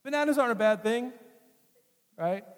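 A high-voiced male pastor preaches in an earnest, conversational way and leans on repeated phrases. His voice carries a long hall reverb. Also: expressive, normal speed, smooth. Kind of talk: sermon.

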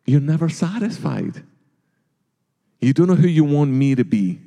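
Mellow-voiced male pastor in a reverberant hall. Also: on the high side, animated, measured pace, creaky, pauses often. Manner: earnest, rhetorical questions, acts out quoted voices. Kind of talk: sermon. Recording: long reverb of a large hall.

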